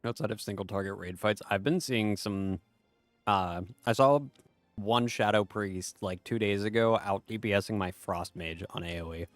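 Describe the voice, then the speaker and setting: Male game streamer, casual livestream chat, laid-back and profane, lowish voice, dry close sound. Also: moderate pace, dry recording, soft background music.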